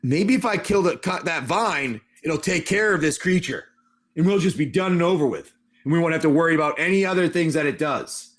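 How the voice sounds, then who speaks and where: A man voicing a sword-swinging adventurer who thinks out loud about his next move in a plain way. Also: fairly high pitch, fairly quick, close to an everyday voice. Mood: musing. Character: sword-swinging adventurer hero, practical and hopeful.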